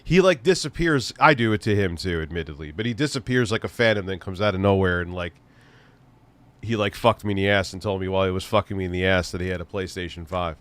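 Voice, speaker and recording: Profane rambling streamer. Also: male voice, low voice, fast, fairly bright tone. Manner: rambling, crude, profane joking with restarts. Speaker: livestream host. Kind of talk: casual livestream chat.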